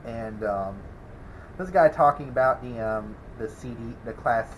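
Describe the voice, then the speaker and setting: Speaking a little slowly in a medium-pitched voice, a man answers a troll in a casual, rambling vlog for his welding channel, half laughing and half exasperated. The recording is rough, with slight background noise.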